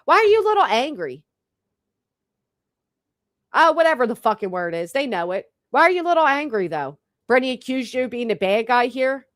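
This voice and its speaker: A woman's voice: on the high side, very animated, a little fast, fairly bright tone, no room sound, studio quality. A woman hosting a reaction stream, talking bluntly and profanely to her chat. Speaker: livestream commentary host.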